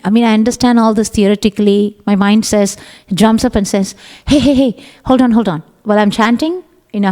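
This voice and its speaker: A woman's voice: mid-range voice, darkish tone. A woman giving a conversational scripture class to a temple group, sometimes acting out her own thoughts in quotes. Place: temple hall. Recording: echoey temple hall.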